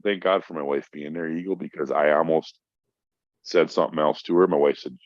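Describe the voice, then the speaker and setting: A man's voice: rumbling low, steady tone, brisk, no room sound. A man, a podcast guest who works in mental health, tells a story in a casual, emphatic and profane way. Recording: dull lo-fi dry sound.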